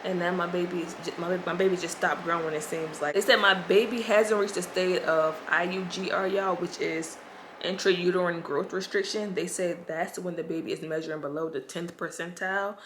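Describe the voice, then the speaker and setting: A stressed woman talks straight to camera in a casual vlog and vents to her viewers. Her voice sits a little low, and she sounds anxious and frustrated as she keeps calling them "y'all.". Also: steady tone, brisk, noisy background. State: stressed and overwhelmed. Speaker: pregnancy vlogger.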